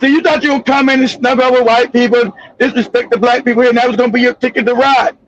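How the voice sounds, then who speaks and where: Man hosting a live stream, ranting and shouting, very high voice, husky, dull lo-fi sound. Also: steady tone, fast talker, no room sound. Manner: ranting, profane, often shouting. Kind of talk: heated political commentary stream.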